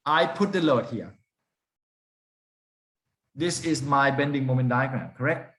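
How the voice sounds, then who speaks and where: A man's voice: medium pitch, animated, a little slow, a bit bright. A man lecturing a class, often stopping to put questions to the students and repeating key points for emphasis.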